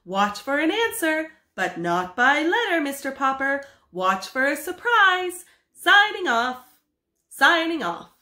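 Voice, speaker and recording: A woman voicing a male expedition admiral broadcasting over the radio in a storybook reading, speaking loudly and grandly. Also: sits high, big pitch swings, slow pace, pitched above the performer's own voice, full character voice. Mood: proclaiming. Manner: loud, proclamatory. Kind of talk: storybook read-aloud. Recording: echoey room.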